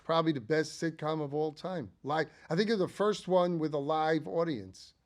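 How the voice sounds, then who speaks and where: An older man talks through his favorites in a loose, chatty monologue. He sounds enthusiastic and rambles into asides, his voice sitting a little on the high side. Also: moderate pace. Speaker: channel host. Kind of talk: casual ranking monologue.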